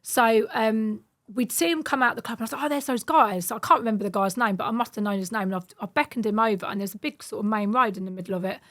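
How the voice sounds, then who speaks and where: Fast-talking woman telling wild stories. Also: fairly high pitch. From United Kingdom. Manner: animated, acts out quoted voices. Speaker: podcast guest. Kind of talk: casual storytelling.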